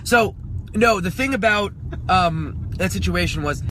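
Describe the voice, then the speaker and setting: A man co-hosting a casual talk show, telling a story in an animated way and swearing often. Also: high voice, unhurried, slight background noise. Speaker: podcast co-host.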